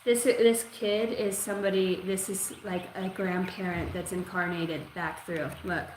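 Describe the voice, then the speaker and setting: A woman's voice: fairly low pitch, fairly even intonation, unhurried. A woman giving a live-streamed tarot reading in a casual, slangy way, often saying "like" and "dude" and swearing now and then. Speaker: tarot reader. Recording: echoey room with faint noise.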